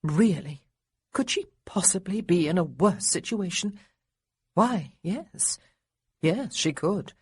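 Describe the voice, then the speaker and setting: A woman narrating an audiobook with lively, expressive storytelling. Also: fairly low pitch, slow pace, breathy edge, no room sound. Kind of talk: scripted narration.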